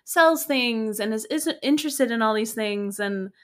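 Chatty young woman with a higher voice. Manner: chatty, lots of "like", quick laughs. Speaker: podcast co-host. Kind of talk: casual chat.

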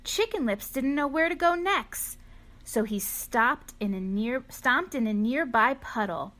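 A woman's voice: on the high side, lively intonation, a little slow, a bit bright. A woman hosting a family podcast, reading a children's storybook aloud at home.

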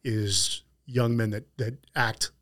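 A middle-aged podcast host with a medium-pitched, fairly bright voice takes his time, his intonation fairly even. He runs an interview as casual chat, telling stories, acting out quotes, and swearing now and then in an easygoing way.

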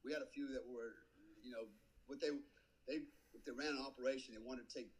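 Husky man telling war stories. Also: mid-range voice, brisk, poor audio. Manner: animated, swears freely, acts out quoted people. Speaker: podcast guest. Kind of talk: casual storytelling.

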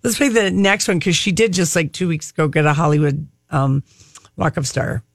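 A woman's voice: sits low, fairly even intonation, normal speed, gravelly, noisy background. A woman co-hosting a radio show, chatting casually and giving strong opinions. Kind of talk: casual chat.

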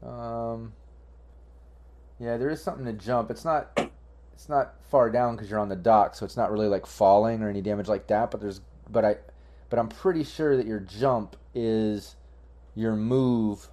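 A man's voice: lowish voice, fairly even intonation, moderate pace, mellow. A man running a tabletop game as game master, rambling with fillers and restarts.

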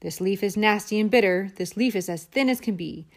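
A woman voicing a greedy, bullying male rat highwayman in a storybook reading, with a loud, boastful sing-song chant. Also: brisk, close to an everyday voice.

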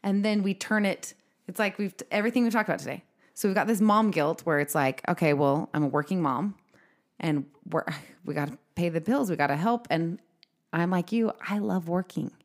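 Chatty woman podcast host, lowish voice. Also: a little fast. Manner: chatty, laughs often, quotes herself in asides. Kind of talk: casual podcast conversation.

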